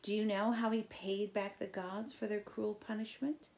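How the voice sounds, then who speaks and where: Spiteful old male villain as read by a woman: croaking, gravelly hushed menace with sudden loud orders. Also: medium pitch, little pitch movement, voice pushed up, natural voice. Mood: menacing. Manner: slow, sly storytelling with sudden loud orders. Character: sinister old male king, spiteful and gloating.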